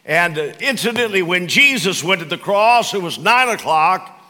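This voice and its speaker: Preacher guy, high bright voice, jokey storytelling, echoey church hall. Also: moderate pace. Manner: animated storytelling with humorous asides. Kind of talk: sermon. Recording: long reverb of a large hall.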